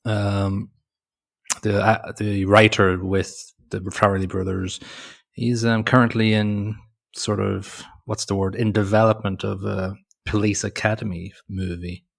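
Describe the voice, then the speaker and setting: A man's voice: fairly low pitch, level tone, unhurried, vocal fry. A man co-hosting a casual movie podcast, rambling and hesitant, with many restarts. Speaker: podcast co-host.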